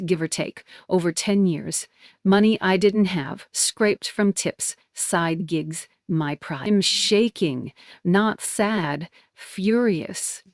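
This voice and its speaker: A woman's voice: on the low side, no room sound, clean studio sound. A woman narrating a dramatic first-person story in clipped, tense, emotional sentences.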